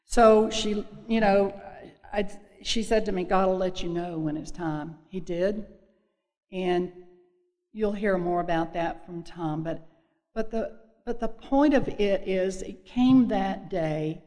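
A woman sharing her personal recovery story at a meeting, speaking earnestly and haltingly, with many fillers and restarts. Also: mid-range voice, dark tone. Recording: long echo of a hall.

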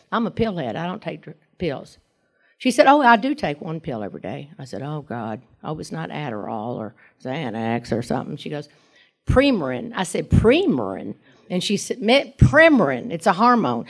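An older woman, telling her personal recovery story to a group in a rambling, earnest way, often asking "okay?". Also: medium pitch. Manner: rambling and earnest, frequent restarts, tags lines with "okay?". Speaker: recovery speaker.

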